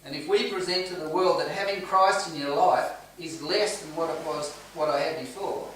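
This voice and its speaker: A man's voice: a little high, normal speed, a bit bright, a little hiss or hum. A man leading a home church Bible study, earnest and questioning the group as he teaches. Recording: echoey room, distant mic, faint ambience.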